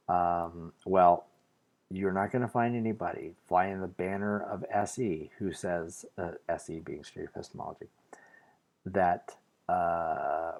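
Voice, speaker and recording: Deep-voiced earnest American man. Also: a little mellow. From United States. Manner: earnest, argumentative, hesitant with restarts. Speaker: vlogger. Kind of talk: casual monologue to the camera.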